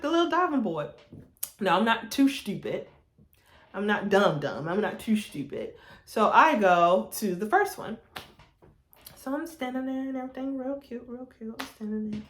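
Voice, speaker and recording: A young woman telling a casual storytime to her camera, animated and laughing through it. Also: medium pitch. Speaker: vlogger. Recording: roomy echo.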